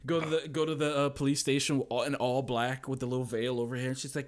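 A man's voice: medium pitch, flat delivery, fast talker, few pauses. A young man, a podcast guest, telling a story in casual chat, acting out voices and laughing often.

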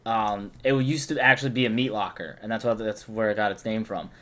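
A man's voice: fairly low pitch, fairly quick. Foul-mouthed young man telling a story. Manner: swears constantly, animated when quoting friends. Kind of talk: casual storytelling chat.

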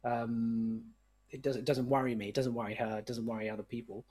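A man who is a musician, a guest on a podcast, chatting in a relaxed, opinionated way. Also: medium pitch, brisk, crowd noise. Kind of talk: casual conversation.

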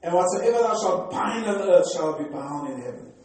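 A fervent, exhorting older pastor with a South African accent and a warm, mellow voice pitched a little high. He is picked up from far off in a very echoey hall. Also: lively intonation, moderate pace. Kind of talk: sermon.

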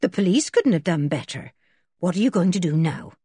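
A woman's voice: on the low side, animated, brisk, warm tone, breathy edge, dry recording, studio quality. A woman voicing a fretful, insistent grown woman, a housekeeper in a storybook reading.

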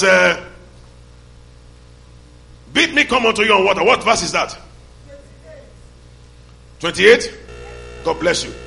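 Male pastor, raised gravelly voice, call-and-response sermon, music underneath. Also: fairly high pitch, poor audio. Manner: call-and-response, shouting bursts. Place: church hall. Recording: loud music and mains hum behind.

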